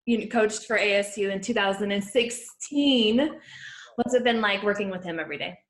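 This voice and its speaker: A woman's voice: mid-range voice, moderate pace, roomy sound. A woman hosting a sports interview, asking friendly, enthusiastic questions. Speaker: sports show host.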